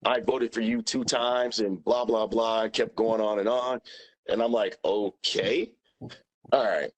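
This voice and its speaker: Male witness, lowish voice, blunt and repetitive under questioning. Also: flat delivery, moderate pace, poor audio. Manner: plain-spoken, emphatic repetition. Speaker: witness, former union president.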